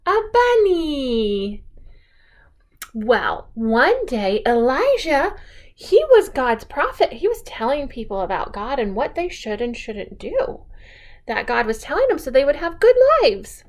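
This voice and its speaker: A woman reads picture-book stories aloud to a small child, her voice high and swooping. She talks slowly and coaxingly, stopping often to ask the child questions. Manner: sing-song, animated, slow and coaxing, asks the child questions. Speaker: children's storyteller.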